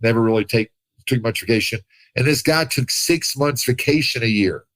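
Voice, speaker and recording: A man telling his life story as a podcast guest, animated, acting out the people he quotes and laughing often. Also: mid-range voice, moderate pace, dry recording, rough recording. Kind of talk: casual storytelling.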